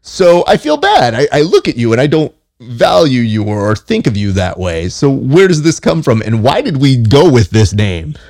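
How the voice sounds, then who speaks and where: A man's voice: mid-range voice, sing-song, a little mellow. A man hosting a podcast, chatting casually and telling stories with a joking, self-mocking manner. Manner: joking, fast-talking storyteller. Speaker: podcast host. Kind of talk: casual chat.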